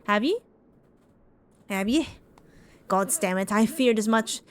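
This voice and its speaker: A woman voicing a gruff one-eyed male mercenary captain in a rough, pirate-style brogue while reading game dialogue aloud. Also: mid-range voice, takes it slowly, close to an everyday voice.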